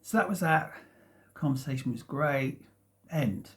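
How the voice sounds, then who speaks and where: A man in his fifties, rambling casually at home about his past, hesitant and meandering with many restarts and soft chuckles. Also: medium pitch, animated, unhurried. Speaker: vlogger. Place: at home, sitting in a sunlit room.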